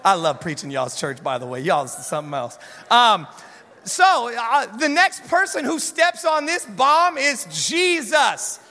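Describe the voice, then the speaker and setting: A man preaching as a guest pastor, joking and animated. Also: very high voice, a little slow, big-room sound. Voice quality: animated, joking, loud storytelling. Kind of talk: sermon.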